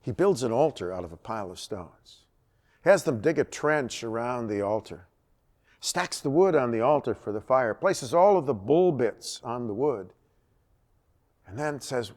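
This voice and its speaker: A man leads a church Bible study session and retells a scripture story with lively delivery. His pitch moves up and down a great deal, and his voice sits in the middle of the usual male range. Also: unhurried.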